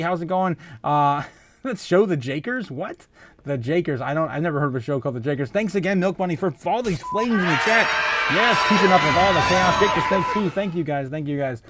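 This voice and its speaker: A man's voice: a little high, a bit bright, a little hiss or hum. A man hosting a casual livestream, reading out viewer comments, laughing often and stumbling through restarts and filler sounds. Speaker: host of a crypto livestream.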